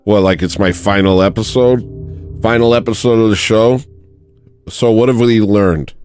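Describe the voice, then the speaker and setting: A man's voice: lowish voice, moderate pace, darkish tone, faint music behind. A man hosting a comedic livestream, talking in a rambling, joking, self-mocking monologue. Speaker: livestream host.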